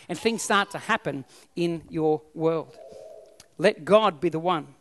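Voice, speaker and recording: High-voiced Australian man preaching. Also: slow pace, fairly bright tone, long reverb tail, a little hiss or hum. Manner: emphatic, repeats key phrases. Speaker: pastor. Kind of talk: sermon.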